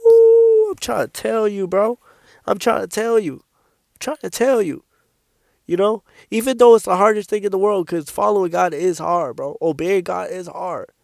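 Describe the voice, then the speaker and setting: A man talks straight to the camera in an animated, incredulous rant about faith. His voice sits high and has a gravelly edge. The sound is dry and close, with no room around it. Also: normal speed, no room sound. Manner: animated, repeats "bro" often, laughs, incredulous. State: coughing from sickness. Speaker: Christian vlogger. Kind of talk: casual preaching rant to camera.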